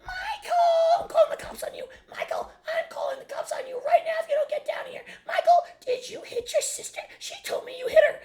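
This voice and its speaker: A man putting on the shrill, screechy voice of a nagging middle-aged mother who barks orders from another room. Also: fairly quick, few pauses, in a whisper. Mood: screeching. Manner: barking orders, shouting from afar.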